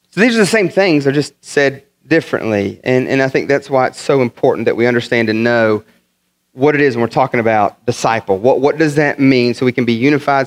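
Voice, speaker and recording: A pastor from the northern United States preaching a sermon, telling funny stories in an animated way and often repeating his words. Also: medium pitch. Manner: animated, humorous storytelling with many repeated words.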